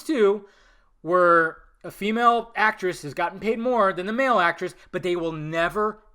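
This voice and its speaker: Heated, high, bright-voiced male podcast host. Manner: heated, swearing, emphatic rants. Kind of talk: solo podcast rant.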